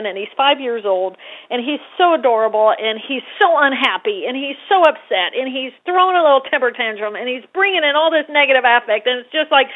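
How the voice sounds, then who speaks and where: A woman with a fairly high, bright voice comes through a tinny, phone-like line. She explains ideas conversationally as an interview guest and turns animated when she acts out small scenes, her voice climbing as she does. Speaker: guest brain scientist.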